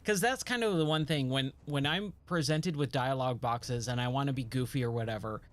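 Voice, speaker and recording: A man's voice: medium pitch, fairly quick. Chatty man narrating his gameplay. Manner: chatty, joking, talks to himself while playing. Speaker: gaming streamer. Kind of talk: casual let's-play commentary.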